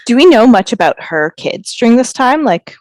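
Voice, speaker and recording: Lively, reactive young woman co-host. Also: fairly high pitch, moderate pace, dry recording, rough recording. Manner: short reactions, swears, lively intonation. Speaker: podcast co-host. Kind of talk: casual chat.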